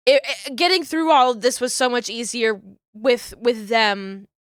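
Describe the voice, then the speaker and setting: A woman's voice: a little high, sharp tone, clear, resonant tone, no room sound, studio quality. A young woman streamer chatting casually and swearing freely as she rambles. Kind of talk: casual livestream chat.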